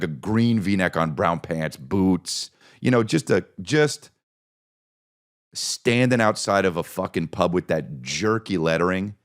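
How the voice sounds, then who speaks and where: A low-pitched man with a gravelly edge hosts a podcast in a loose comedic monologue. He swears freely and rambles, leaning on repeated bits. His pitch swings widely from line to line. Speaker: podcast host.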